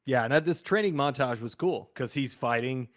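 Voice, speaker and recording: A man's voice: medium pitch, normal speed. A man co-hosting a film podcast, easygoing and agreeable, chatting casually and laughing often. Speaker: podcast co-host. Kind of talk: casual film review chat.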